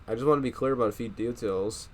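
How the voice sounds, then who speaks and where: A man voicing a calm, precise male field biologist who asks measured, clinical questions. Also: mid-range voice, close to an everyday voice, low-quality recording.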